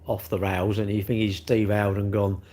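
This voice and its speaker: A man's voice: on the low side, level tone, fairly quick, warm tone. A middle-aged man, chatting casually on a live stream and teasing viewers about their comments. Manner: jokey, teasing banter with chat.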